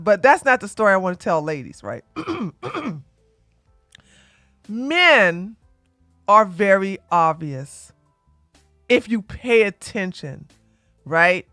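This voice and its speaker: A woman hosting her own channel, telling a casual story to her audience in an animated way and laughing often as she talks to the ladies. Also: on the low side, no echo, studio quality. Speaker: commentary channel host.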